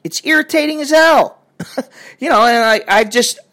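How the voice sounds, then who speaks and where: A man's voice: very high-pitched, measured pace, bright, forceful tone. An older man ranting in a crotchety, profane and rambling way as he talks to his viewers. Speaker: vlogger. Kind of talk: casual rant to camera.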